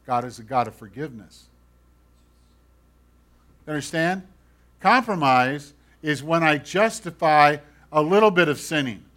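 Male pastor preaching, earnest, pleading, big swings between loud and quiet, questions to the congregation. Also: a little high, expressive, a little slow, long pauses. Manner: swings from loud emphasis to hushed, quiet asides. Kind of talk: sermon.

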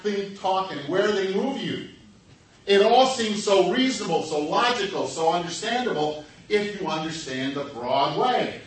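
A high-voiced man preaching a sermon, talking straight to his listeners and asking them rhetorical questions. He is picked up from a distance in a very echoey room, with a faint hum underneath. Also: a bit bright.

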